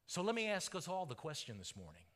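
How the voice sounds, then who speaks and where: This pastor's high-leaning, fairly bright voice races along with huge pitch swings as he preaches fervently, his delivery rising and falling. The sermon echoes with long reverb through a large church sanctuary.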